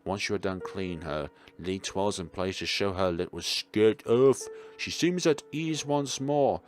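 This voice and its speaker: Man reading a game aloud, low lively voice, game music behind. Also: normal speed, hardly any pauses. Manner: playful, wry asides. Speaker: gaming video creator. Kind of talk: reading a visual novel aloud with commentary.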